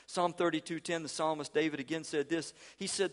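A male senior pastor preaching a sermon in an earnest, emphatic way, reading quotations slowly and deliberately. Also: a little high, steady tone.

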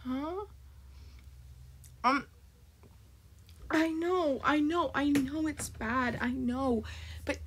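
A woman hosting her channel, chatting excitably while reacting to a game video and bursting into shrieks. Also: high voice, drawn-out words, pauses often, a little hiss or hum. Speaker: channel host.

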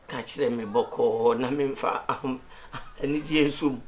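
An actor with a Ghanaian accent playing a father in a comedy series, swinging from loud scolding to low muttering. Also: fairly even intonation, measured pace, a little hiss or hum, natural voice. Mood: menacing.

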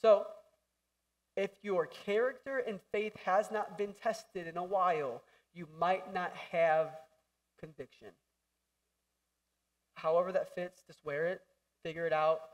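A young man preaching a lively, jokey sermon in a church hall, acting out voices and shouting for emphasis. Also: high-pitched, unhurried, long pauses, recorded from a distance. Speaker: pastor.

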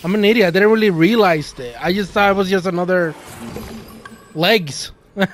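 A man hosting a gaming channel, giving casual, excitable gameplay commentary full of swearing and laughter. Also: high-pitched, normal speed, a little hiss or hum.

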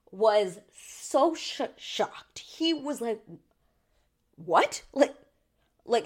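Chatty woman doing a tv recap, animated, laughs a lot, swears casually, mid-pitched voice. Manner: animated, slips into quick voices when quoting people. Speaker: TV recap host.

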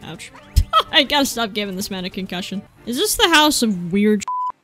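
Bright, lively woman ranting at a game. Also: mid-range voice, normal speed, soft background music. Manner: exasperated, profane, talks back at game characters. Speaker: let's play gamer. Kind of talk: gameplay commentary.

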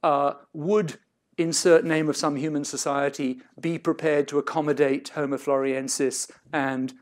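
A middle-aged man lecturing at an academic seminar in a fairly high voice. He talks in a discursive, hedging way, often cutting himself off and rephrasing before landing his point. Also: fairly even intonation, moderate pace. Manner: discursive, self-interrupting, hedged.

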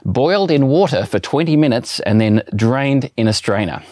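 A man's voice: medium pitch, lively intonation, normal speed, darkish tone, no echo, studio quality. A man preaching a sermon in a chatty, self-deprecating storytelling way. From Australia.

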